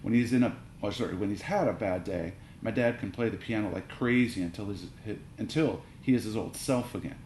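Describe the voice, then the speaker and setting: A man narrating a children's story aloud in an animated, playful way. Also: on the low side, a little fast, hardly any pauses. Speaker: audiobook reader. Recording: roomy reading with faint hiss.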